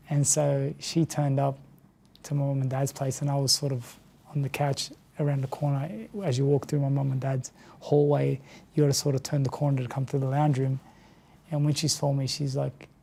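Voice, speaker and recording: A man's voice: mid-range voice, monotone, moderate pace, gravelly, warm tone. A tired Australian man and former boxer, talking earnestly and emotionally as an interview guest. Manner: earnest, heartfelt, repeats words when moved.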